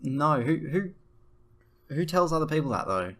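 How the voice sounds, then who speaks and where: A man's voice: on the high side, very animated, normal speed, very noisy. A young man rants to camera in a blunt, profane, rambling way. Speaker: vlogger. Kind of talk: casual ranting to camera.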